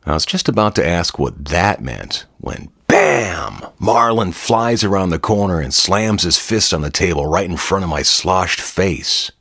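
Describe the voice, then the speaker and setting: A man's voice: a bass voice, fairly bright tone, no room sound, studio quality. A man narrating a first-person story in a wry, conversational way.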